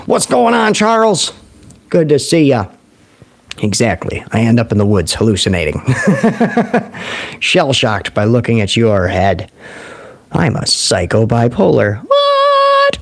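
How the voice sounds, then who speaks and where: A man hosting a recovery livestream in casual talk, animated, laughing often and answering his own questions. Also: on the low side, a little slow, pauses often.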